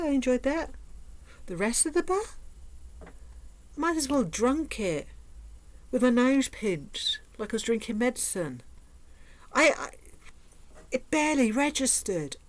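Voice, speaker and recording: A woman talking in a sarcastic vlog commentary, with dry asides and dips into mock whispers. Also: fairly high pitch. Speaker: vlogger.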